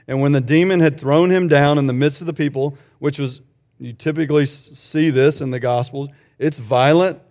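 A male pastor delivers a sermon in a relaxed, conversational way. His voice sits fairly high, and he breaks off for joking asides to the people in the pews. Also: normal speed.

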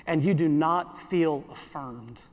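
High-voiced man preaching in a reverberant hall. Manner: earnest, repeats phrases, slows for quoted scripture. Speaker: pastor. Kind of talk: sermon.

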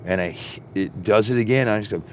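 A man telling a long story in a profane, rambling, casual way that turns animated when he gets excited. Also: fairly low pitch, a little fast, slight background noise. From Texas.

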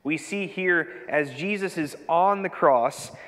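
A man preaching a sermon as pastor, reading scripture with measured delivery and dramatic emphasis on quoted lines. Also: on the high side, a bit bright. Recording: long hall reverb.

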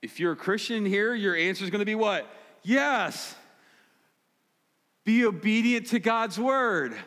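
A man's voice: high voice, moderate pace, fairly bright tone. A man preaching a sermon as pastor, direct and emphatic, repeating key points. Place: church sanctuary. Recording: long hall reverb.

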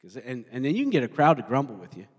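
A male pastor preaching a sermon, talking in an animated way and putting questions to his congregation. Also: medium pitch, fast, breathy edge. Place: church sanctuary. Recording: long hall reverb.

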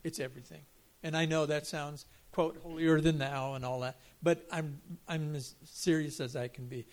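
An older man with a slightly high voice speaks earnestly about his faith. He stops and restarts often, mixing seriousness with a self-deprecating humor. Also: steady tone, normal speed, a little mellow. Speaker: panel guest. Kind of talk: personal testimony. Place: church.

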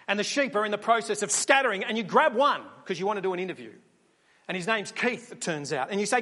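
A high-voiced male preacher delivers a sermon in a relaxed, storytelling manner. He keeps turning to the listeners with rhetorical questions. His voice rings on in a long hall reverb. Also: fast.

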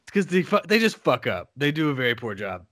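A man's voice: mid-range voice, big pitch swings, fast, fairly bright tone, no room sound. Casual swearing man with dry sound. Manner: rambling, swears, restarts with laughs. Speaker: podcast co-host. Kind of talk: casual chat, recapping a TV show.

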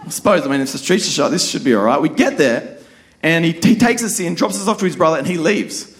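High-voiced man preaching a lively story. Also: fast talker. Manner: animated storyteller, acts out quoted voices. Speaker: pastor. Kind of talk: sermon with personal story.

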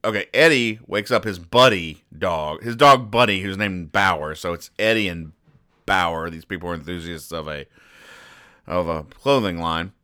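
A man's voice: low-pitched, a little slow, bright, forceful tone, dry recording. Dry rambling male comics host. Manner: rambling, dry, self-correcting. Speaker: podcast host reading comics. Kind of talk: deadpan comic recap.

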